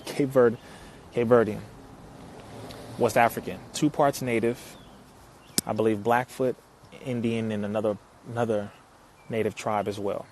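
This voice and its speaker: A young man from California, hosting a casual livestream. He energetically reads viewer comments aloud, shouts out their cities, and often laughs between phrases. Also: fairly low pitch, slight background noise. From Compton, California. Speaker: live-stream host. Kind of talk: casual live-stream chat.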